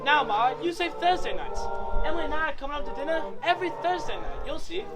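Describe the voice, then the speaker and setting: An actor playing a nervous young groom in a stage play, earnest and pleading. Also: male voice, very high-pitched, lively intonation, fast. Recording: stage recording with loud music.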